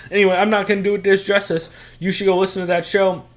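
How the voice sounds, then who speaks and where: A man's voice: sits high, level tone, fast talker. A man hosting a podcast, chatting casually from his room at home, rambling, laughing often and swearing freely. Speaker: podcast host.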